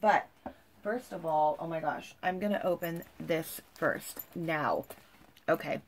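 Gushing, chatty woman vlogger, slightly low voice. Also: takes it slowly, slight background noise. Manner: chatty and gushing, full of "like" and "you guys". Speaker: lifestyle vlogger. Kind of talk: casual chat to camera. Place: at home.

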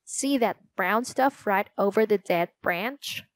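A woman's voice: mid-range voice, slow, no room sound, natural voice. A woman voicing an earnest young boy who loves watching falcons.

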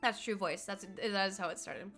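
A woman's voice: medium pitch, steady tone, moderate pace, a bit bright, soft background music. A young woman from Colorado chatting casually with her stream chat while gaming, giggly and talkative. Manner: chatty and giggly, slips into mock accents. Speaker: livestreamer.

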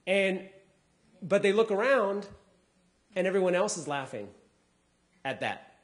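A middle-aged man speaks to a society as a comedian, his voice sitting a little higher than most men's. He tells stories in a lively way, acting out the people he quotes and repeating words whenever he restarts a thought. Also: a little slow, long pauses. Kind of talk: storytelling talk with acted quotes.

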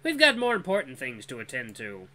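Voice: mid-range voice, huge pitch swings, fairly quick, sharp tone. A storyteller voicing a pudgy, sour female wolf elder who speaks curtly, close to a growl. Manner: curt, growling.

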